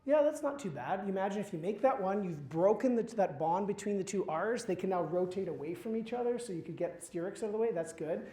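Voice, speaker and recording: A man's voice: sits high, animated, fast talker, few pauses, mellow. A man giving a university chemistry lecture, quizzing his students with questions and dropping wry asides. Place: lecture hall. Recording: roomy lecture hall echo.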